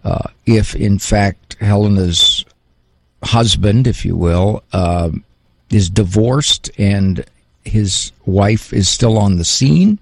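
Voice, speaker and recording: Gravelly, frank male advice host. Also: lowish voice, slow, dry recording. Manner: frank, counseling, emphatic. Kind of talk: call-in advice talk.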